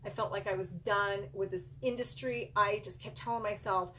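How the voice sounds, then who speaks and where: A woman's voice: mid-range voice, steady tone, normal speed, hardly any pauses, fairly bright tone, slight background noise. A middle-aged woman, a child care business coach and center owner, earnestly telling a personal story straight to her viewers, calling them "you guys.".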